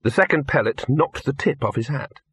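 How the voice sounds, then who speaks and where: A man reading an audiobook, telling the story in a wry, lively way. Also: medium pitch, normal speed, husky, dry recording. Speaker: audiobook narrator.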